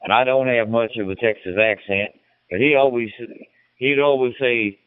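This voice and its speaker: A man's voice: mid-range voice, normal speed, no room sound. A middle-aged man from Illinois, an amateur radio operator chatting casually in a folksy, rambling way, repeating his words. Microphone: radio transceiver mic. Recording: narrow, dry radio transmission.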